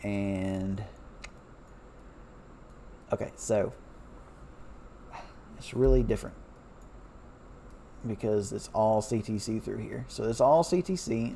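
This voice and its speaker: Man, former railroad hand; gravelly low-key voice, loose rambling delivery with lots of fillers. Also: mellow, slight background noise. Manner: loose and chatty, many fillers, self-correcting. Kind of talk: casual rambling talk over a map.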